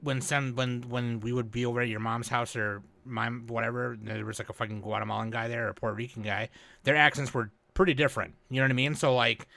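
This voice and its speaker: A man's voice: medium pitch, fast talker, gravelly, no echo. A man hosting a podcast, chatting casually and telling stories with plenty of swearing. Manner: profane, animated storyteller. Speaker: podcast host.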